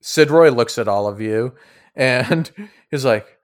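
A man's voice: mid-range voice, takes it slowly. Laid-back male game master. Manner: laid-back, chuckling, lots of fillers. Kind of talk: narrating a tabletop game.

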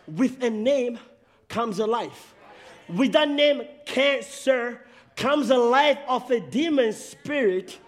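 A man's voice: very high-pitched, lively intonation, takes it slowly. A man preaching a sermon in an emphatic way, raising his voice for emphasis.

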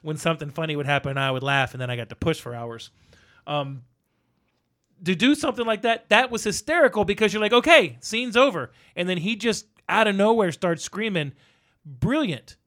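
Male podcast co-host, middle-aged, slightly high voice, rambling casual storyteller. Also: fairly quick. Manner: rambling, animated storyteller, acts out quotes. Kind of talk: casual movie chat.

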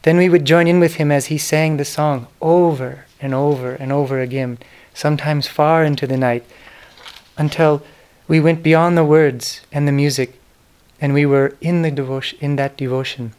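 Middle-aged man, earnest devotional lecturer, smooth clear voice. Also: a little high, steady tone, moderate pace. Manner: earnest, devotional storytelling with soft, whispered quoted names. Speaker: speaker giving a talk on spiritual history. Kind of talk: reflective spoken lecture.

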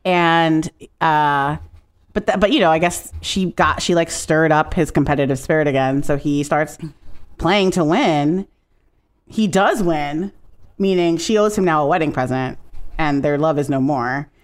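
A woman co-hosting a podcast in casual chat, retelling a film with animated storytelling, quick quoted voices, frequent laughs and casual swearing. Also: low voice. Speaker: podcast co-host.

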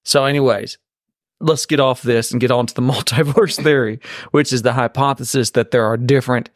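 A man's voice: mid-range voice, fairly even intonation, brisk, no echo, studio quality. A man co-hosting a podcast in casual chat, rambling and restarting as he lays out a theory. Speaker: podcast co-host.

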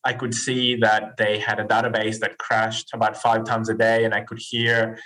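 A man of about forty from Chile, speaking English, tells his story as a podcast guest in a lively, animated way and acts out quoted voices. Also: on the low side, normal speed, poor audio. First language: Spanish. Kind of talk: casual interview storytelling.

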